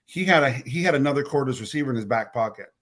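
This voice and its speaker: A man's voice: medium pitch, expressive, fast talker, fairly bright tone. A man telling a personal story as a podcast guest, bluntly and with some swearing. He trips over and repeats words, and he acts out what others said as quoted dialogue.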